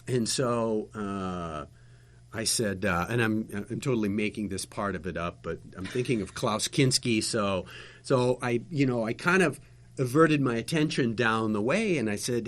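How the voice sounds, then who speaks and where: Rambling, animated male storyteller. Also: fairly low pitch, moderate pace. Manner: rambling, animated anecdotes with many fillers and restarts. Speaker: guest telling stories, former local TV interviewer. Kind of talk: casual storytelling chat.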